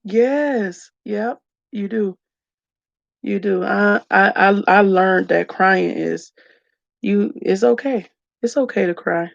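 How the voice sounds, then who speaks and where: Slow gravelly woman, tearful. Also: medium pitch, no room sound, muffled recording. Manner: slow, reflective, addresses viewers as y'all. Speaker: vlogger. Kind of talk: emotional personal talk to viewers.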